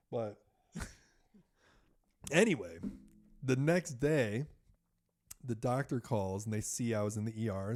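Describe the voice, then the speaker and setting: A man guesting on a podcast tells a story in a loose, casual way. He talks at an ordinary middle pitch, peppers his speech with fillers and the odd curse, and keeps the telling animated. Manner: animated, many fillers, swears.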